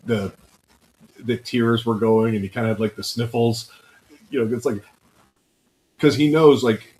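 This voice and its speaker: A man's voice: mid-range voice, fairly even intonation, measured pace, pauses often, darkish tone, a little hiss or hum, poor audio. A man co-hosting a podcast in casual chat, telling stories and acting out the voices of people he quotes. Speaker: podcast co-host.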